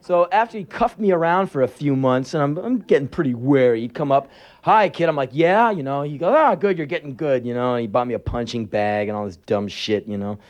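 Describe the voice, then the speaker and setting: A man's voice: medium pitch, fast talker, hardly any pauses, a little mellow. A man in his twenties doing a live spoken word set, telling stories in a sardonic, profane way and breaking into sudden yelps when he acts out voices. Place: live venue before an audience.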